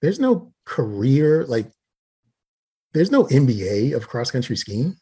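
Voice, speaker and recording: A man's voice: medium pitch, sing-song, unhurried, dark tone, breathy edge. A man co-hosting a casual comedy chat, arguing his opinions bluntly and ranting. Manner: opinionated, makes blunt arguments and rants.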